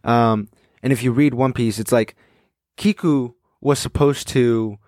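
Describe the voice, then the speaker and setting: A young man talks his way through a manga chapter in a loose, rambling voice, often tripping over names and dropping casual swears. His pitch sits in a middle range, and the sound is dry and close to the mic with no room around it. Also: fairly even intonation, a little slow, a little mellow, dry recording. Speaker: manga reader and commentator.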